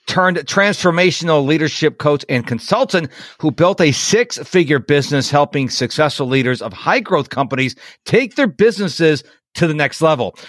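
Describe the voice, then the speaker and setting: A man's voice: fairly high pitch, a bit bright, dry recording. American guy hosting a podcast, keen and talky, dry close sound. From Rochester, New York. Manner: chatty, enthusiastic, repeats himself. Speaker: podcast host. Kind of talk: casual interview chat.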